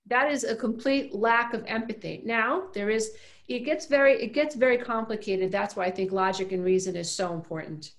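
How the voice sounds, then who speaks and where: A woman's voice: a little high, moderate pace. A middle-aged woman speaking as an interview guest, earnest and emphatic, often repeating phrases as she explains. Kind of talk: casual interview talk.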